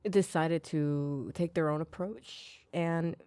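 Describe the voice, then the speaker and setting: A woman's voice: low voice, steady tone, slow, dark tone, clear, resonant tone, no room sound, clean studio sound. A woman hosting her own podcast, chatting casually and rambling a little, with restarts and small laughs. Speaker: podcast host. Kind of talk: casual solo podcast recommendations.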